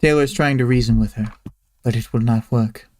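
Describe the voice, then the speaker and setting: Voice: medium pitch, steady tone, moderate pace, a little mellow. A livestream host casually summarizing and discussing a chapter in a rambling, hesitant way.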